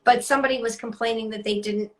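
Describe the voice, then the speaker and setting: A woman's voice: on the high side, fairly even intonation, fast. A woman in her thirties, a guest voice actor, talking in a rambling, self-deprecating way full of "like". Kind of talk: casual interview chat.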